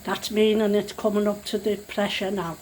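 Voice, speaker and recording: A woman's voice: mid-range voice, flat delivery, moderate pace, a little mellow, a little hiss or hum. Chatty older woman cooking at home. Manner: chatty, rambling, self-correcting. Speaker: home cook, grandmother. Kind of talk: casual cooking vlog. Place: home kitchen.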